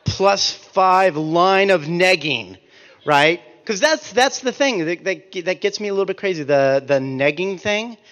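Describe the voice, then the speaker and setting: A man in his forties telling comic stories in an animated, ranting way, swearing and breaking off his own sentences. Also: high voice, unhurried, in a large hall. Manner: animated, ranting, profane, self-interrupting. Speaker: author and speaker. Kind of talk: comic storytelling talk.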